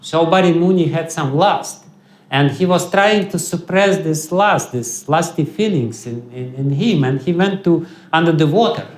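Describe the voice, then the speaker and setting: Halting Russian-accented man lecturing. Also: on the high side. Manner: halting, many fillers and restarts. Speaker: spiritual teacher. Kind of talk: lecture on scripture. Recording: echoey hall.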